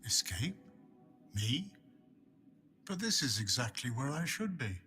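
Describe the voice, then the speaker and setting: A serene, devout prisoner. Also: male voice, mid-range voice, very animated, slow pace, sharp tone, soft background music, exaggerated voice. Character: serene devout male prisoner, calmly accepting. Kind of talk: video game voice acting.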